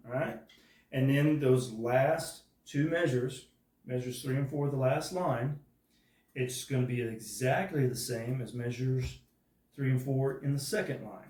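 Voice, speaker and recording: A man's voice: medium pitch, a little slow, loud music behind the voice. Patient man counting drum rhythms. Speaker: drum instructor. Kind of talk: step-by-step drum lesson. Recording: echoey room from far off.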